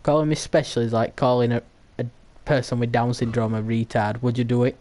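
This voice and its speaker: A man's voice: mid-range voice, level tone, brisk, a little mellow. A man, a gaming streamer ranting and mocking in crude casual banter with stammering restarts.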